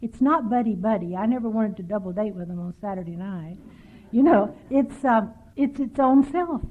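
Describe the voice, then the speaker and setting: A woman's voice: medium pitch, expressive, moderate pace. An older woman from Texas speaking at a recovery workshop, telling stories with dry, self-mocking humor. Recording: tinny lo-fi 1990s tape.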